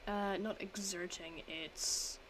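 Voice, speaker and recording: A woman's voice: mid-range voice, fairly even intonation, takes it slowly, noisy background. A young woman streaming from home, chatting casually as she reads quiz statements aloud and answers them in a rambling, self-mocking way.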